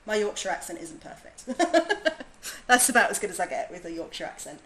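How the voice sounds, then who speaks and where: A woman's voice: mid-range voice, sing-song, normal speed, a bit bright, rough recording. A woman from southern England with a southern English accent, chatting bubbly and casually with viewers while she streams a game. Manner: chatty, bubbly, laughs easily. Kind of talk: casual gaming stream chat.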